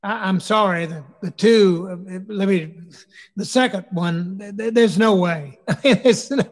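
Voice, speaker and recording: A man's voice: high voice, a little slow. A middle-aged man, a bishop, speaking at a church community forum in an earnest, anecdotal preacher's way. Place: church hall. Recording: long echo of a large hall.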